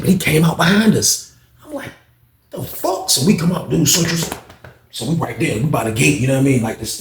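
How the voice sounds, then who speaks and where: A young man telling a rambling, slang-heavy story in casual storytime style, acting out the other people's lines. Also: fairly high pitch. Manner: slangy, rambling, acts out quoted voices. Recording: echoey room.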